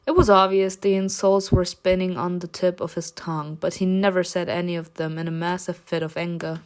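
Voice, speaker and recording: A woman's voice: fairly low pitch, level tone, brisk, few pauses. A woman reading a romance story game aloud, reacting with laughter and playful swearing between passages. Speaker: game player reading a visual novel aloud.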